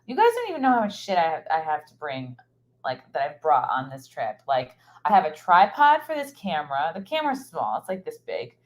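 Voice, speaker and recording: A woman's voice: low voice, huge pitch swings, a little fast. A woman comedian chatting casually on a live stream in a hotel room, rambling and scatterbrained with plenty of fillers. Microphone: microphone set up for streaming.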